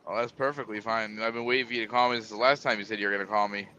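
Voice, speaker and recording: A man's voice: on the low side, fairly even intonation, rapid-fire, sharp tone. A man calling into a livestream, chatting in a plain, informal way. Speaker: caller. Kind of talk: casual livestream chat. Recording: muffled call audio with faint hiss.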